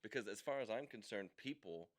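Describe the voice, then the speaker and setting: A man with a fairly low voice holds forth on a podcast. He talks in heated, emphatic bursts and often restarts his sentences as he argues his point. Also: animated, brisk. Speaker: podcast co-host. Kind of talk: opinionated podcast chat.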